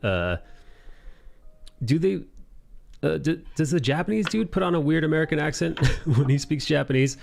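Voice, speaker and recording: A young man hosting a casual anime discussion podcast, recapping scenes animatedly and jumping into quick character voices. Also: on the high side, animated, creaky, darkish tone, faint music behind. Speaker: podcast host.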